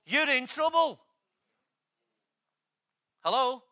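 A man's voice: very high voice, slow, long pauses, sharp tone. A man preaching a sermon, emphatic, repeating key phrases and asking the congregation questions.

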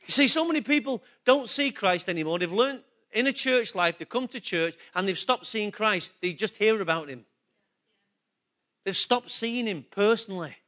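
Man, pastor, sermon, emphatic, repetitive, very high voice. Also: expressive, moderate pace, pushed and bright. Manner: emphatic, repetitive preaching with rhetorical questions.

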